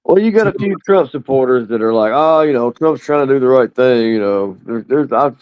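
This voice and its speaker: A man's voice: medium pitch, lively intonation, a little fast, a little mellow, clear, resonant tone, poor audio. A man on a livestream panel telling a casual anecdote in a laid-back way. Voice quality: laid-back storyteller, laughs often.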